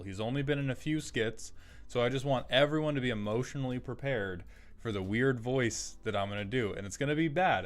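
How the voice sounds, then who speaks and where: Chatty male streamer. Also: mid-range voice. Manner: chatty, rambling, quick asides to chat. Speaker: streamer host. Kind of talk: casual live-stream chat.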